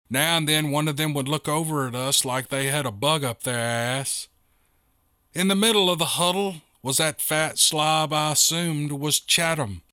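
A man's voice: fairly high pitch, pushed and bright, no room sound, studio quality. A man narrating a first-person monster-hunting story in a wry, matter-of-fact way.

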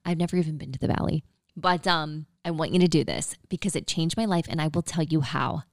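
A woman's voice: deep voice, fairly quick, no echo, clean studio sound. A young woman hosting a solo podcast, chatting casually and upbeat with lots of fillers and a valley-girl lilt. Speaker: podcast host.

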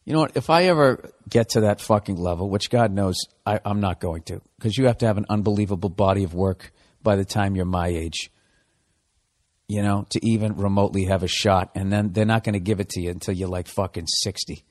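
A middle-aged man hosting a podcast rants comedically and profanely at a fairly quick pace. He swings between loud outbursts and quiet mutters.

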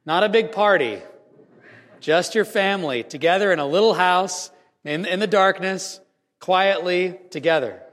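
A man giving a Christmas homily as a priest, telling a story earnestly with measured pauses in a church. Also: high-pitched, fairly bright tone. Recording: reverberant church hall.

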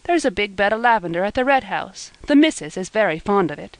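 A woman's voice: mid-range voice, expressive, fast talker, no echo, close to an everyday voice. Friendly young gardener lad, a woman reading him, earnest and willing, dry sound. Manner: earnest and obliging.

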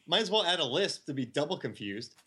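Male podcast co-host, casual banter, lively intonation. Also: fairly high pitch, breathy edge. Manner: animated, joking, acts out quick impressions. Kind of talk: casual chat. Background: other men talking and laughing.

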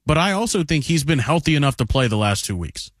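A man co-hosting sports talk radio, laying out his case in a measured, analytical way and citing statistics. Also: on the high side, very animated, no echo, clean studio sound. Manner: measured, analytical, cites stats.

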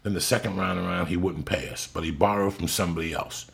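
A man's voice: low voice, fast, fairly bright tone. A man telling a long story in casual podcast chat, blunt and profane. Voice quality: gravelly, raspy. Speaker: podcast host.

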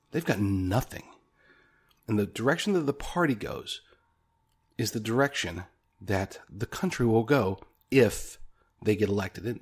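Husky man in an emphatic political monologue. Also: medium pitch. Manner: emphatic, repetitive, argumentative. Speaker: political commentator. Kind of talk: opinion monologue.

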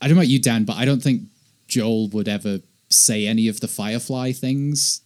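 A man playing a quiz in casual chat, upbeat and quick to agree. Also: mid-range voice, darkish tone. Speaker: quiz player.

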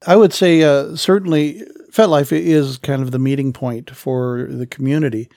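A man hosting a podcast, interviewing his guest in a casual, halting, amused way. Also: medium pitch, steady tone, vocal fry, dark tone, no room sound, clean studio sound. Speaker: podcast host.

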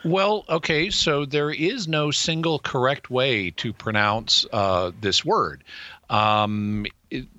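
A man's voice: medium pitch, takes it slowly, pushed and bright, dry recording, highs cut off. A man answering a listener's question as guest expert on a call-in radio show, explaining things step by step into a studio mic.

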